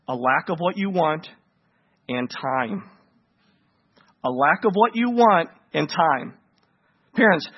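A male preacher with a high, husky voice preaches an animated sermon in a church. He keeps turning to the congregation with questions. The recording sounds dull and lo-fi.

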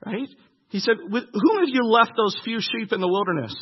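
Brief: male pastor, high husky voice, reads a passage then comments, dull recording in a reverberant hall. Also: animated, a little fast. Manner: reads scripture aloud and breaks off to comment. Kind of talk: sermon.

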